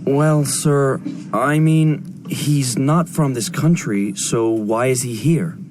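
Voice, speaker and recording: A man's voice: mid-range voice, close to an everyday voice. An actor playing a defensive, prejudiced young male student who answers grudgingly in a textbook dialogue. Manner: grudging, slow. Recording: textbook audio with background noise.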